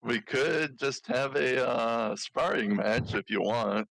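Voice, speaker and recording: A man's voice: medium pitch, slow, gravelly, a bit bright, no room sound, low-quality recording. A man playing a tabletop game, casual and blunt, laughing and swearing often. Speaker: player.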